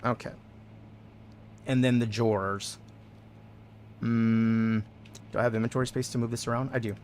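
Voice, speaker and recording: Recorded on a desk mic with slight background noise, a man of medium pitch and moderate pace chats casually with his stream viewers over a video game. He cracks jokes, says hello to chat, reads their messages, hums, and yells when worked up.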